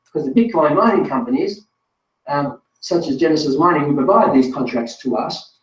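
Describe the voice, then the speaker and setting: A man's voice: fairly high pitch, lively intonation, moderate pace. A man presenting a live online webinar, talking straight to viewers in a chatty, self-correcting way. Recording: distant roomy lo-fi sound.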